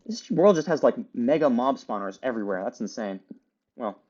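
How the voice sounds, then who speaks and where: A man's voice: medium pitch, lively intonation, moderate pace, a little mellow, lo-fi sound. A man giving casual, chatty play-by-play commentary while he plays a video game, rambling with lots of fillers. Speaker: gaming video creator.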